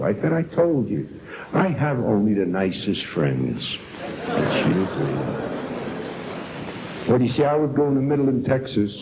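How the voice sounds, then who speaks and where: A man's voice: medium pitch, big pitch swings, a little slow. A middle-aged man from New York giving an earnest, emotional personal testimony at a recovery meeting, on an old 1970s tape. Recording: dull lo-fi 1970s tape with faint hiss.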